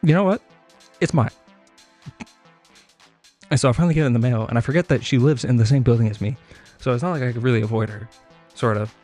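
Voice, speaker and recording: A man's voice: mid-range voice, very fast, dark tone. A young man tells a storytime in a loose, rambling way. He swears freely, stacks up filler words and laughs at his own tangents. Faint music plays behind him. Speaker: streamer telling a story.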